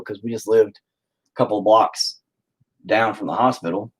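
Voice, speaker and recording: A man hosts a casual stream, chatting with viewers as he tells a rambling story and swears freely. His voice is medium-pitched with fairly even intonation and a brisk pace.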